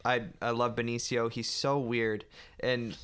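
A man co-hosting a podcast, talking in a relaxed, enthusiastic way. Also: mid-range voice, unhurried, clean tone. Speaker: podcast co-host. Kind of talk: casual chat.

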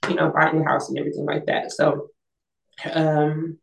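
Low-voiced woman telling a story, roomy distant sound. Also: normal speed, creaky. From Northern California. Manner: animated storyteller, acts out quoted voices, laughs often. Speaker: interview guest, singer-songwriter. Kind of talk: casual storytelling interview.

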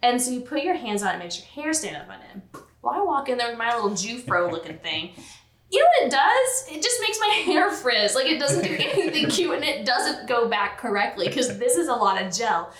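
A young woman talks casually as a podcast co-host, her pitch jumping all over as she acts out little quotes and laughs between them. Her voice sits a touch high. The room around her is echoey. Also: a little fast. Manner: animated storyteller, acts out quotes, laughs often, swears casually. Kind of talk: casual chat reviewing an animated series.

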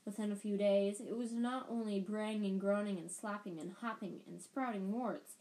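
A woman's voice: mid-range voice, fairly even intonation, moderate pace, warm tone, rough recording. A woman reading a storybook aloud, often stumbling and restarting words. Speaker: podcast storyteller.

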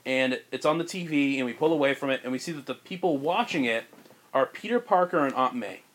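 A man hosting a podcast, casually pitching a film plot in a rambling way, full of "like" and restarts. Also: expressive, fairly quick. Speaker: podcast host.

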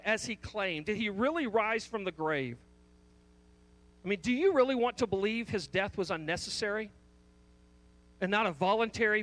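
High-voiced man preaching a sermon. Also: fairly bright tone. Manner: emphatic, repeats the key question, frequent restarts. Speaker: pastor.

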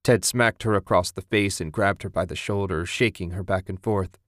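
A man reading a dark short story aloud in a grave, measured way. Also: low voice, fairly even intonation, no echo, studio quality. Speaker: narrator. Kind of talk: scripted dark story narration.

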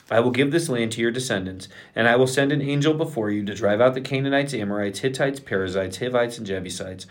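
A male pastor reading scripture aloud on a podcast in a steady, plain way, sometimes going back to repeat a phrase. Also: lowish voice.

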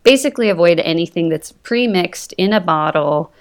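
A woman's voice: fairly low pitch, animated, moderate pace. A woman guest on a podcast, explaining things confidently in casual conversation. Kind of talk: casual interview chat.

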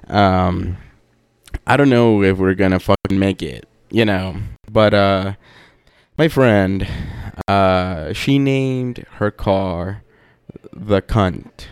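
A man's voice: low-pitched, slow, clear, resonant tone, no echo, studio quality. A young man hosting a podcast, telling a rambling story in a laid-back, profane way with lots of fillers. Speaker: podcast host.

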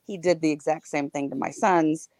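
A woman co-hosting a podcast tells a personal story candidly and with animation, slipping in laughs between the grim details. Her voice sits low and her pace is moderate, with slight background noise behind her.

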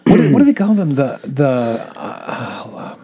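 A man with an average-pitched voice chatting loosely on a podcast. He swears freely and trails off with fillers while searching for a word. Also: sing-song, measured pace, mellow, husky. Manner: offhand, swears freely, hesitates searching for words. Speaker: podcast co-host. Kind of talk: casual podcast chat.

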